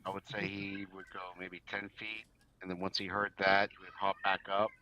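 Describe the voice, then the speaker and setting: A man's voice: sits low, little pitch movement, normal speed, sharp tone. A man playing in a tabletop game, talking in a cocky, playful way. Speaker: player. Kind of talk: casual tabletop game chat.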